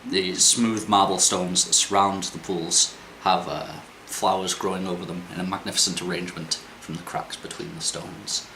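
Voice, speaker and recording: A man's voice: low voice, level tone, normal speed, few pauses. A man narrating a tabletop game as game master, describing scenes and correcting himself as he reads. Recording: echoey room, background noise.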